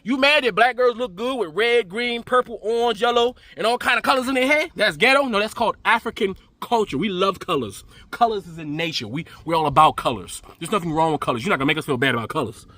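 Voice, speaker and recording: A man's voice: high voice, fast talker, few pauses, sharp tone, no room sound. A man hosting a commentary channel, ranting with profanity and emphatic repetition. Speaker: commentary host.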